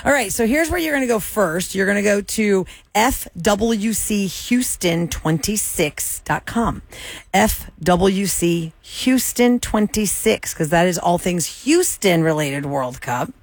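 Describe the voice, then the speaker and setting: A woman's voice: medium pitch, takes it slowly, no echo. A woman hosting a radio show, chatting and laughing through the banter. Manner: chatty, animated, laughs often.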